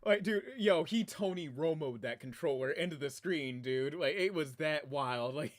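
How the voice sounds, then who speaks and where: Broadcasting his gameplay from a room in his house, this male streamer chats in a loose, excitable way, wandering off topic and laughing often. He sits on the higher side in pitch and keeps a moderate pace.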